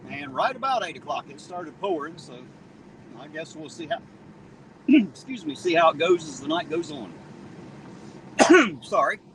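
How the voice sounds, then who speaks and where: A man's voice: fairly high pitch, animated, fairly quick. Chatty man livestreaming from the street. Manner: chatty and joking, greets viewers by name. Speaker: livestream host reading viewer chat. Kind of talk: casual live-stream chat. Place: outdoors on a town street at night after rain. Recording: slightly distant mic, faint street noise.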